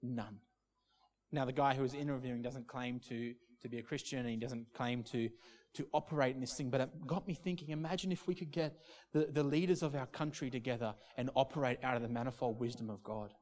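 A man's voice: medium pitch, brisk, a little mellow. A man, a pastor preaching a sermon through a personal story, restarting and repeating words as he talks.

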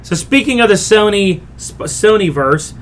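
A man's voice: high voice, expressive, normal speed, fairly bright tone, slight background noise. A man hosting a casual podcast chat, opinionated and rambling, often restarting his sentences. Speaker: podcast host.

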